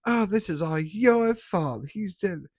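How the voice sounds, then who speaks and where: A man mimicking a shrill, obnoxious teenage girl from a horror film who screams her every line. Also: lively intonation, slow, a little mellow, no echo, studio quality, full character voice. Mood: panicked screaming. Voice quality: high-pitched shrieking.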